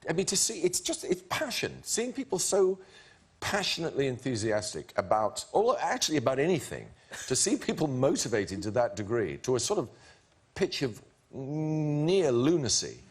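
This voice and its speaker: A man who is a chat show guest, speaking earnestly and pausing to find his words. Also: medium pitch, big pitch swings, breathy edge.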